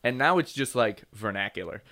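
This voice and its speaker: A man's voice: on the low side, expressive, fairly quick, sharp tone. A man in his twenties co-hosting a comedy podcast, trading wry improvised banter and laughing often.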